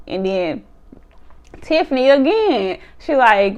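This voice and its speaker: A woman, recapping a reality show in casual chat, animated, laughing often and acting out cast members' lines. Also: medium pitch, a little fast, highs cut off.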